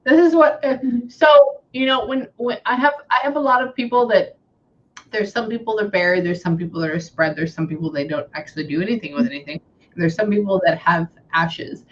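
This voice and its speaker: A woman's voice: medium pitch, a little fast, lo-fi sound, slight background noise. Chatty woman medium on a call. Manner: chatty, repeats "hang on", relays quotes. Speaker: psychic medium. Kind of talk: casual reading session.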